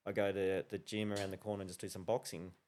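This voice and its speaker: A man tells stories in a casual podcast chat, animated and full of slang. His voice sits fairly low. He laughs easily between his lines. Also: fast, slight background noise. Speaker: podcast co-host.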